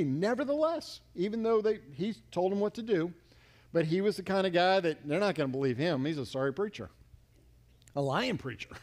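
A man pastor preaching a sermon, swinging between loud emphatic lines and hushed near-whispers as he acts out quotes. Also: a little high.

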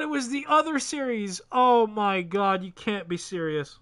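A man live-streaming commentary on a hockey video game simulation, talking to his chat, swearing freely and breaking into loud exasperated outcries. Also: sits high, measured pace, no echo, studio quality.

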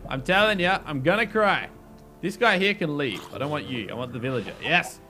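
Male gaming host, sharp and forceful, playful commentary, light music bed. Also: a little high, fairly quick. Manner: excitable, talks to game characters. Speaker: gaming YouTuber. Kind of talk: casual let's play commentary.

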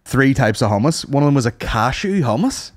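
Male podcast co-host; animated, profane storyteller with a very lively pitch, close dry mic. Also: fairly quick, no echo. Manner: animated storyteller, swears a lot, mimics people in high voices. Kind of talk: casual chat.

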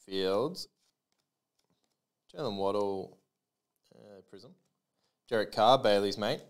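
Slow, smooth-voiced man calling cards. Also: lowish voice, animated. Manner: rattles off player names and numbers, chatty asides to viewers. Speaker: trading card break host. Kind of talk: live card break, calling out cards.

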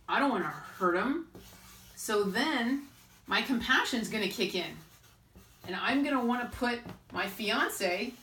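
A woman hosting a spiritual advice talk, speaking in a lively way and acting out inner voices and quotes. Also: medium pitch. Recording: roomy echo.

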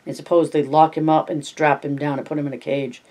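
A reader voicing a calm, quiet ranch worker in an audiobook reading. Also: medium pitch, brisk, lightly acted. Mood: grave. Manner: speaking quietly. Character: calm quiet ranch man, the lead hand.

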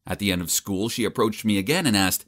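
A man's voice: on the low side, quick pace, fairly bright tone. A young man narrating a story in the first person, wry and self-mocking.

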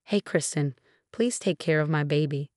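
A woman's voice: deep voice, normal speed, a little mellow, no room sound, clean studio sound, close to an everyday voice. A woman voicing a scheming young mother who shrugs off blame with careless, evasive replies. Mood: flippant. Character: scheming flippant young mother, a sister-in-law.

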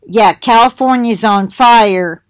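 A woman's voice: fairly high pitch, slow, no room sound. A middle-aged woman hosting her own video, chatting to viewers in a rambling way and reading titles aloud with asides. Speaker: video host sharing links. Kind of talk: casual monologue to viewers.

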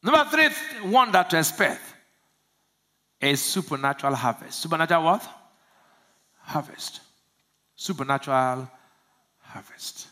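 A pastor from Nigeria preaching a sermon, asking the congregation to finish his lines and swinging from low murmurs to loud shouts. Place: church service.

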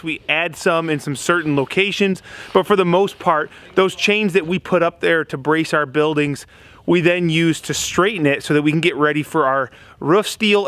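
A man's voice: high-pitched, a bit bright. A man, a building contractor, giving a casual how-to explanation in plain-spoken, folksy tradesman talk at an outdoor construction site.

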